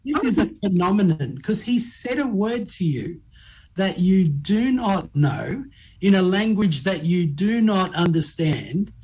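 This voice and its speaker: A man's voice: sits high, sing-song, unhurried, darkish tone, rough recording. A man, a pastor hosting a conversational faith interview, earnest and probing with frequent restarts. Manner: earnest, restarts often, asks probing questions. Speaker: pastor and podcast host.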